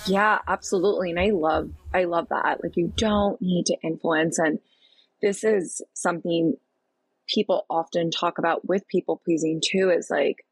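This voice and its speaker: A woman coach talks as a podcast guest in a deep voice with a husky, gravelly edge. She is earnest and affirming and uses many filler likes. The sound is dry and close. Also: steady tone, moderate pace, no room sound, poor audio. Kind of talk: casual podcast conversation.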